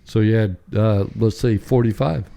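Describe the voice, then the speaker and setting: A man's voice: on the low side, steady tone, moderate pace, creaky, warm tone. A man, the father in a casual family podcast, who rambles and gets easily confused.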